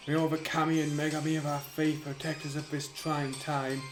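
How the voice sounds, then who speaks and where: A man's voice: a little high, flat delivery, normal speed, lightly acted. A man reading the lines of an alarmed elderly male shrine priest in a story. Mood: solemn. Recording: echoey room, music behind.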